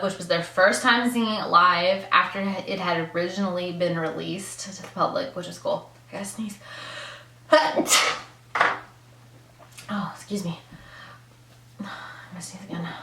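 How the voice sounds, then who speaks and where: A woman's voice: on the low side, sharp tone, slight background noise. Gushing young woman vlogger, echoey room. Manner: gushing fangirl, lots of "like" and laughs. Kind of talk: excited casual storytelling.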